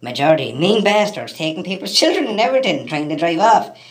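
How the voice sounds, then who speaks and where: A man's voice: sits high, very animated, fast. An Irish man from Ireland ranting to camera as a vlogger, heated and profane, repeating himself and calling his listeners lads.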